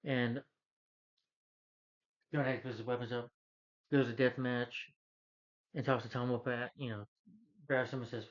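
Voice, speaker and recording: A man's voice: mid-range voice, steady tone, moderate pace, pauses often. Man rambling through a movie recap. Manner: rambling, loose retelling full of "he's like". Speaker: movie reviewer. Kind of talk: casual movie recap rant. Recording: dull lo-fi recording.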